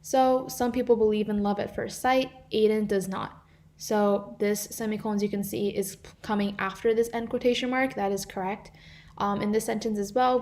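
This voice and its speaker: A woman's voice: mid-range voice, darkish tone. A teenage girl volunteering as a tutor, explaining grammar examples from slides in a live online class, with a few fillers and restarts. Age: teens.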